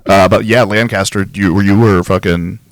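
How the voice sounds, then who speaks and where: A man's voice: deep voice, fairly even intonation, normal speed, no echo. A man hosting a comedy podcast, crude and playful in casual banter. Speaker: podcast host.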